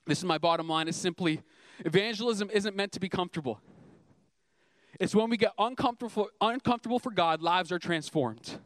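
A man's voice: high voice, no room sound. A young man preaching a sermon as a youth pastor, earnest and emphatic, asking the congregation rhetorical questions.

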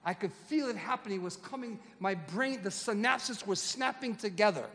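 An older man in his sixties preaches with a high voice, telling stories with punchy call-and-response lines. His voice rings through a hall with a long reverb. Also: normal speed, creaky, a bit bright. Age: 60s. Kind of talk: sermon.

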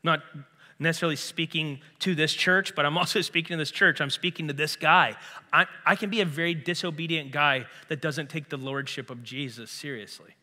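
Man, pastor, sermon, bright forceful tone, slightly higher voice, throaty, long hall reverb. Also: fairly even intonation, fairly quick. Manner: earnest, emphatic preaching with rhetorical asides. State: throaty, clearing his throat. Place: church sanctuary.

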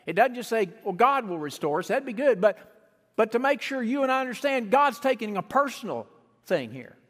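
A man preaching a sermon, emphatic, slowing down to stress key words and rising on repeated phrases. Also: big pitch swings, a bit bright. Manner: emphatic preaching with sweeping pitch and slowed stresses. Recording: long hall reverb.

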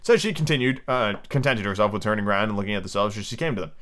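A man's voice: fairly low pitch, racing, a bit bright. Rambling male podcast host reading aloud. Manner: rambling, filler-heavy asides. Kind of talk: casual book reading with asides.

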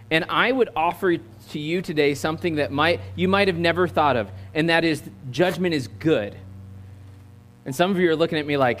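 An American man giving a sermon in a voice a little higher than most men's. His delivery is easygoing and joking, as he coaxes the congregation to join in and answer back. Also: a bit bright. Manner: conversational, joking, audience-engaging. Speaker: guest preacher. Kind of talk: sermon with opening prayer.

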